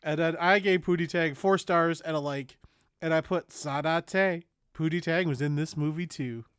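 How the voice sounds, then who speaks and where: A man's voice: on the high side, moderate pace, a bit bright, smooth, dry recording, clean studio sound. A man co-hosting a podcast, chatting casually and animatedly, acting out movie lines as he goes. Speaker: podcast co-host. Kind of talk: casual chat.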